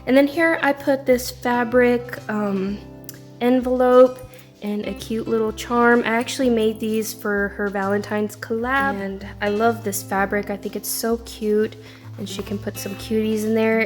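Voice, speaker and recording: A woman's voice: on the high side, fairly even intonation, a little slow, soft background music. A woman casually chatting through a craft journal flip-through, bubbly and often laughing as she tells a little story. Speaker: craft video creator.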